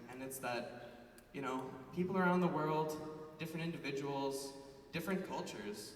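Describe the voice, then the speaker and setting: A young man from Edmonton, Canada, performs a stand-up comedy set on a large convention hall stage before a big crowd. His voice sits on the high side at a moderate pace, and he tells chatty, animated stories peppered with "like." The recording is echoey and distant, with crowd noise throughout.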